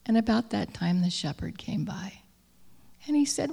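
A woman telling a story aloud, reading slowly and often dropping to a soft whisper. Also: mid-range voice, animated, gravelly, long reverb tail.

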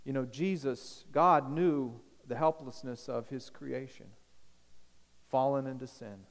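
A man preaching a sermon as pastor, emphatic, swinging from loud declarations to hushed appeals. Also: medium pitch, moderate pace, in a large hall.

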